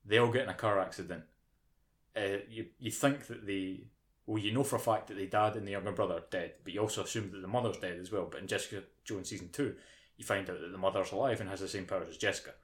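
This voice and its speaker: A man's voice: sits low, quick pace. Sweary british man ranting casually. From United Kingdom. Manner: sweary, animated ranting, mocking impressions. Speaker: podcast co-host. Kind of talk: casual chat.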